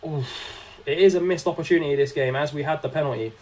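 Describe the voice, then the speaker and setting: A man's voice: on the high side, fast talker, a little mellow. Chatty young man streaming a game. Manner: chatty, reacting to the game and reading chat aloud. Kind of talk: casual live-stream game commentary.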